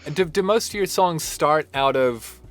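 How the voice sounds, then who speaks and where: A man's voice: fairly high pitch, normal speed, a bit bright, soft background music. A man interviewing a guest, asking long, searching questions with lots of restarts.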